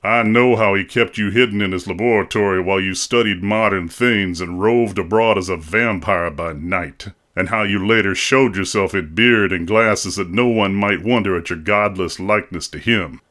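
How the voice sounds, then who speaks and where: A man voicing a grave, implacable older doctor in an audiobook, speaking slowly and solemnly. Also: deep voice, fairly bright tone. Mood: accusing. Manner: slow, solemn and measured, accusing. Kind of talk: audiobook character reading.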